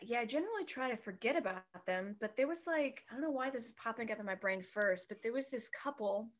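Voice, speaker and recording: A woman's voice: a little high, expressive, fast talker. A woman who works as a bartender, chatting casually as a podcast guest, telling stories candidly and laughing often.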